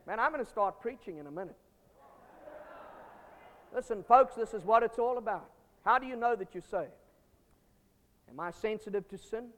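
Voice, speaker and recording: A man preaching a sermon as pastor, emphatic, swinging from loud bursts to quiet storytelling. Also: high-pitched, lively intonation, moderate pace, pauses often. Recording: long hall reverb.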